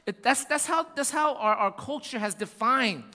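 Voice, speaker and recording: A man preaching a sermon in an animated way, acting out voices and often asking "right?". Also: very high-pitched, normal speed, in a large hall. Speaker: pastor.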